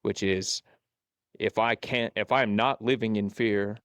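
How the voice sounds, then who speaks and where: A man's voice: on the low side, a little slow, smooth, no room sound. A man hosting a podcast, speaking in a reflective, casual way and often adding "bro, you know?". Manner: reflective, flat-toned, peppers speech with "bro, you know?". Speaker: podcast host. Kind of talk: conversational interview. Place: podcast studio.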